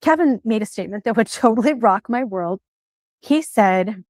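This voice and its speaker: A woman's voice: a little high, animated, normal speed, a little mellow, no echo. Earnest woman in her forties telling a story. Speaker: storyteller in a played clip. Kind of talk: personal story told to camera.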